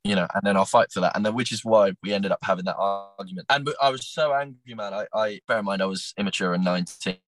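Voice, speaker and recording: A young man, a former talent show contestant appearing as a podcast guest, tells stories about his time on the show in a casual interview. He's animated, acts out what others said, and restarts often. His voice sits on the low side, he talks fast, and the recording quality is poor.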